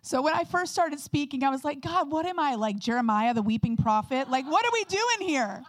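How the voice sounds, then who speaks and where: Higher-voiced woman preaching candidly. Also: sing-song. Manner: candid, conversational preaching with quick asides. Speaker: guest speaker. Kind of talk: sermon.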